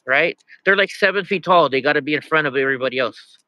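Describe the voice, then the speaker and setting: Vlogger man, bright and a bit high, dry close sound, venting and repetitive. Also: fast talker, no room sound, low-quality recording. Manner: exasperated, repeats himself, quotes others in his own voice. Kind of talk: casual ranting storytelling.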